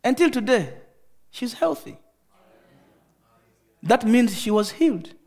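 A man with a high voice preaches a fervent sermon. He moves between loud rebukes and quiet storytelling. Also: big pitch swings, slow pace. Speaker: pastor.

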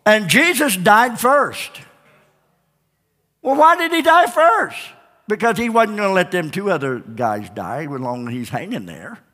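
Recorded in a church sanctuary with long reverb, a male pastor preaches a fervent sermon full of repeated refrains and call-and-response. His voice sits high with a sharp tone, very animated yet unhurried.

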